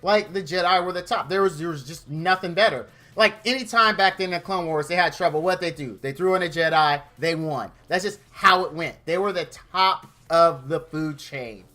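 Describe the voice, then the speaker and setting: A man's voice: fairly high pitch, normal speed, few pauses, sharp tone. A man streaming a comedic rant, exasperated and mocking, who acts out made-up quotes in goofy voices.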